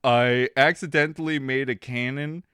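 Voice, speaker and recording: A man streaming and chatting casually with his audience, rambling and animated, coughing now and then. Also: medium pitch, moderate pace, clean tone, dry recording, studio quality.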